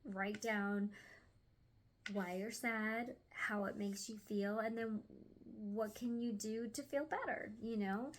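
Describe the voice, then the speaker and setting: A woman's voice: mid-range voice, steady tone, takes it slowly, a little hiss or hum. A young woman chatting casually at home through a tarot card reading, stumbling over words now and then and sometimes dropping to a whisper.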